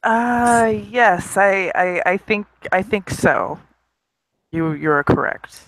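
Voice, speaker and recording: A player as a gentle young woman, hesitant, slow, lively pitch, dry sound, improvised role-play. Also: no room sound, low-quality recording. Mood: shy.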